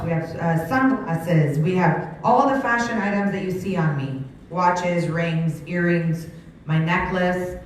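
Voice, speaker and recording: A woman in her sixties, giving an energetic business pitch to a live audience on a handheld mic, her voice strained from shouting. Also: far from the mic, slight background noise. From Canada. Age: 60s. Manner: energetic, rapid questions to the crowd. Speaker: sales presenter. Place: large room with an audience. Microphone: handheld microphone. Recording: very echoey hall, mic from afar.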